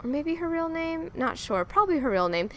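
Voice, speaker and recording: A woman's voice: very high voice, sing-song, a little fast, fairly bright tone, slight background noise, low-quality recording. A woman co-hosting a podcast in casual chat, rambling and chatty with lots of fillers. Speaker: podcast co-host.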